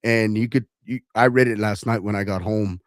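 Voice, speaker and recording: A man's voice: lowish voice, steady tone, moderate pace, no echo, studio quality. A man hosting a radio talk show, talking in a consoling, hesitant way. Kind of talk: casual interview chat.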